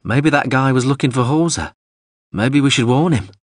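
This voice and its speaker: A man reading a story, voicing a loud, excitable male mercenary who has been drinking. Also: mid-range voice, normal speed, dry recording, clean studio sound, voice pushed up, lightly acted. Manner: loud, emphatic. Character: excitable, tipsy male mercenary, wide-mouthed.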